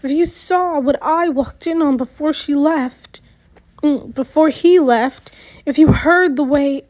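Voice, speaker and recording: A woman reading an angry teenage boy who fires accusing questions with a raised voice. The voice sits high and moves slowly in this storybook reading. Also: a little mellow. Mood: insistent.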